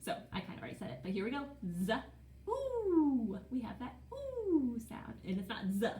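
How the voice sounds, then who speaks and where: A woman teaching young children phonics, sounding out words slowly in a playful, sing-song way. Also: fairly high pitch, huge pitch swings, darkish tone, echoey room, slight background noise.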